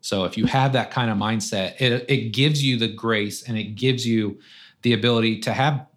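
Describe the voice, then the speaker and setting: A man's voice: on the low side, steady tone, moderate pace, a bit bright. A man, a guest on a podcast, talking in a casual, conversational way and often tossing in "man" and "right?". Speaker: guest, strength coach.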